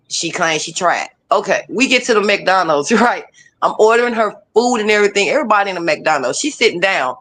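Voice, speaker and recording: A woman telling stories in casual chat, profane and lively, laughing often. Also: medium pitch.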